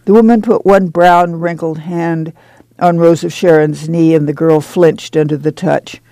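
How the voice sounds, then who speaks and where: A man reading a novel aloud as an audiobook narrator, measured and unhurried. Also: on the high side, fairly even intonation, mellow, dry recording. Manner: slow, measured storytelling.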